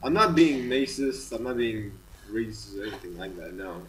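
A man giving excitable gameplay commentary, swearing often and yelling at enemies. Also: lowish voice, moderate pace, distant mic, a little hiss or hum, low-quality recording. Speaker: gaming channel host.

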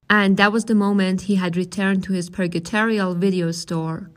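Woman reading a novel aloud steadily. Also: medium pitch. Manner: measured, steady narration. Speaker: audiobook reader.

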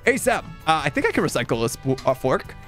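Fast-talking and very animated, a young man from Canada, a gaming YouTuber, jokes his way through a video game with playful, dramatic commentary and frequent laughs. His voice is on the high side and fairly bright, and faint music plays behind him.

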